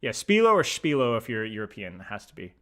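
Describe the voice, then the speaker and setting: A young male streamer with a bright, forward voice chats casually as he sounds out words. His pitch jumps around a lot, and he keeps breaking into mock-outraged shouts. It is loose, animated talk rather than a script. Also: quick pace. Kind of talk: casual pronunciation chat.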